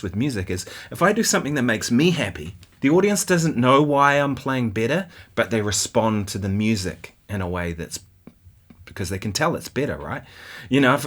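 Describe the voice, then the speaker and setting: A man's voice: medium pitch, a bit bright. A man from New Zealand with a New Zealand accent, hosting a guitar channel and chatting casually about viewer comments, often laughing and asking "right?".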